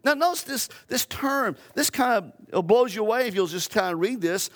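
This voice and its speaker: Man, pastor, high-pitched voice, preaching a sermon, emphatic repetition. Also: expressive, moderate pace.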